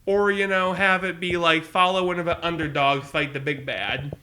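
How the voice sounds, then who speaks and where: Eager podcast dude, high bright voice, pitching ideas excitedly. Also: male voice, moderate pace. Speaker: podcast co-host. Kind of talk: casual chat.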